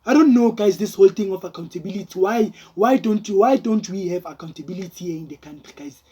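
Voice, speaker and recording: A man's voice: high-pitched, fast talker, mellow, slightly rough. A man doing heated, rambling reaction commentary, talking straight to his viewers. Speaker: vlogger.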